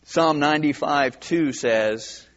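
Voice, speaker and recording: A man preaching a sermon as pastor, animated, with rhetorical questions and frequent restarts. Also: a little high, slow, highs cut off.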